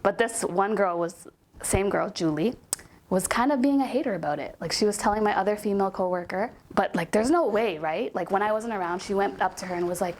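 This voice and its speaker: A woman's voice: mid-range voice, fairly quick. Chatty young woman telling a story. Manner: chatty, frequent "like" and "um" fillers. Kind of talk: casual storytime monologue.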